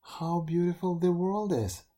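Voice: mid-range voice, a little slow, dark tone, voice pushed up, lightly acted. A dreamy contented caterpillar, as the reader puts it on. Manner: wistful, contented.

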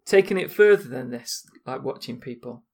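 Teasing storyteller bloke. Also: male voice, medium pitch, lively intonation, a little mellow. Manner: teasing, storytelling, quick to laugh. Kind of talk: casual chat.

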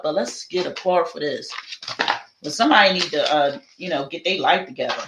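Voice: medium pitch, animated, brisk, sharp tone, a little hiss or hum. A tarot reader doing a live reading, talking in a chatty, dramatic way and calling viewers honey and child. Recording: roomy echo.

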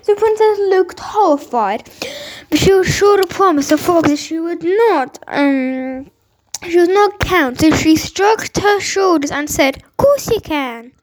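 A woman reads a fairy tale aloud in a high, bright-sounding voice. Her pitch swoops up and down expressively. She trips over words and restarts, unrehearsed. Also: rough recording. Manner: unpolished read-aloud with slips and restarts. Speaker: storyteller.

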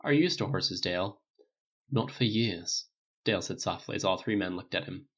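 A man's voice: animated, fast talker, fairly bright tone, dull audio. A man narrating a novel aloud, lifting his voice slightly for each character's dialogue. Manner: reads all characters with small pitch lifts in dialogue. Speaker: audiobook narrator. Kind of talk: scripted narration.

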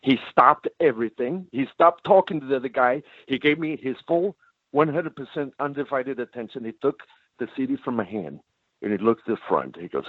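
Male storyteller, emphatic and animated, slightly husky, dry and tinny like a phone line. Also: mid-range voice, brisk, dry recording. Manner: animated, emphatic, repeats "let me tell you". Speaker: storyteller guest. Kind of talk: animated anecdote telling.

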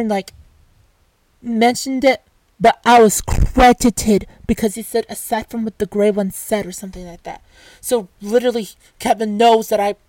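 A woman telling a casual storytime rant, animated, swearing, full of restarts and asides. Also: fairly high pitch, dry recording.

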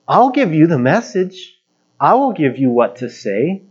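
A man voicing a divine speaker who calmly and firmly reassures a doubter. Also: a little high, measured pace, slightly rough, dull audio, voice pushed up, exaggerated voice. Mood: reassuring. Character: calm reassuring divine voice giving a command.

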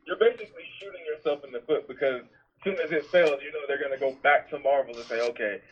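A man, the podcast's business manager, talking in a measured, explaining way in casual chat. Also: a little high, lo-fi sound, a crowd in the background.

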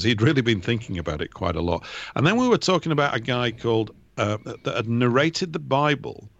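A man talking as a regular guest on a radio show in a casual, fast, rambling way, calling in over a remote line. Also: mid-range voice, gravelly, muffled recording. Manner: fast, rambling, animated talker. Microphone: remote call line.

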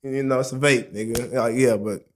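A young man telling a story in casual chat, animated and profane, acting out quotes and laughing often. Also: mid-range voice, fairly quick.

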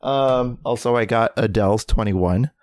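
A man's voice: mid-range voice, unhurried, no room sound, clean studio sound. A man co-hosting a podcast in casual chat, talking keenly in a rambling way with many ums and uhs. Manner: rambling, hesitant with many fillers; enthusiastic. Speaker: podcast co-host.

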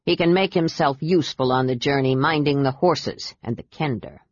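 A harsh, stern male knight speaks in clipped, commanding tones, as a woman narrating puts him on. His voice sits low, in a dry, dull recording. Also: moderate pace, dry recording. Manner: stern, curt.

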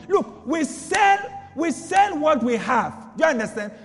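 A man's voice: very high-pitched, very animated, slow pace, gravelly, in a large hall, soft background music. A man preaching a sermon with emphatic repetition and rhetorical questions.

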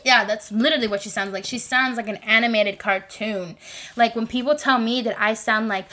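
Rambling, animated young woman podcaster. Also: fairly high pitch, normal speed. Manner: rambling, animated, lots of fillers. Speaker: podcast host. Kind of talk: casual podcast monologue.

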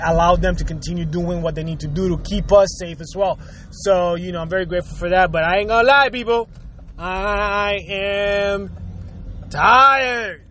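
A man's voice: high voice, fairly bright tone, a little hiss or hum. A man from Puerto Rico, a native Spanish speaker with a heavy Puerto Rican accent, rambling bluntly in a casual vlog monologue, repeating words and swearing freely. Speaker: vlogger.

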